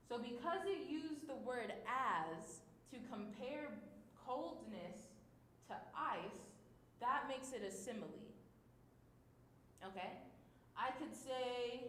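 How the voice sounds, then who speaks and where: A woman's voice: animated, a bit bright. A woman teaching a lesson, explaining with patient examples and checking in with her listeners often. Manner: slow, patient, checks in with okay. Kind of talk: classroom lesson on figurative language. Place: community center room. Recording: echoey room with faint rumble.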